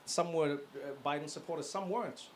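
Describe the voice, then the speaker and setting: A man performing a stand-up comedy set on stage, animated and full of acted voices and sound effects. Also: a little high, a little fast, slight background noise. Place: comedy stage before an audience.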